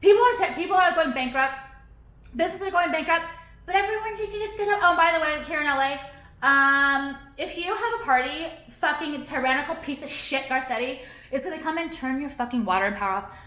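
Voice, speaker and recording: A woman's voice: high voice, fairly quick, sharp tone. A woman in a profane, heated, sarcastic vlog rant. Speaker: vlogger. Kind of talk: ranting vlog monologue. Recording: echoey room.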